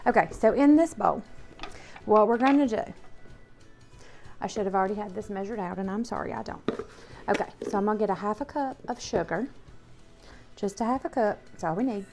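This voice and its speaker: Southern American woman, home-kitchen cooking host, mid pitch, friendly running chatter, faint music in the background. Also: a little fast, pauses often, darkish tone. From Southern United States. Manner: chatty and homey, addresses viewers directly, often apologizes and checks in with "okay?". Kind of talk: casual cooking demonstration.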